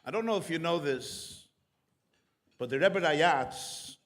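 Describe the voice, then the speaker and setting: A man's voice: on the high side, expressive, a bit bright. A man who is a rabbi, giving a keynote speech full of jokes and stories. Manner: storytelling with jokes, unhurried.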